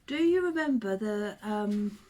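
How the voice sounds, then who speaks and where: A woman, chatting to the camera and telling old stories in a relaxed, reminiscing way. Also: mid-range voice, unhurried. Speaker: vlogger. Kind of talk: casual chat to camera.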